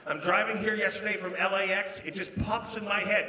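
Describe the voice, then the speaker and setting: Canadian comedian in an echoey hall. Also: male voice, high-pitched, steady tone, a little fast, few pauses. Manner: bursts into loud sung and acted bits. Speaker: stand-up comedian. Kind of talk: stand-up comedy set. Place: large casino showroom with a live audience. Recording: echoey live hall, crowd. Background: audience laughter.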